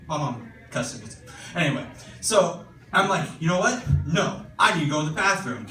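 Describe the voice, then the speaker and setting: A man's voice: a little high, expressive, quick pace, a bit bright, echoey room, recorded from a distance. A young man performing a casual, profane stand-up set, full of fillers and self-deprecation. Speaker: stand-up comedian. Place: comedy club stage with audience laughter.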